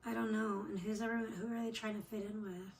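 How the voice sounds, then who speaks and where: A woman hosts a casual livestream chat from off camera, rambling quickly to her viewers in a medium-pitched voice with little pitch movement. She swears freely and trails off with "I don't know."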